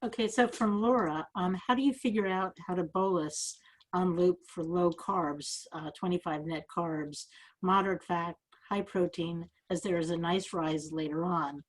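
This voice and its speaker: Middle-aged woman, lower pitch, reads out audience questions. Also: normal speed. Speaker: moderator reading questions.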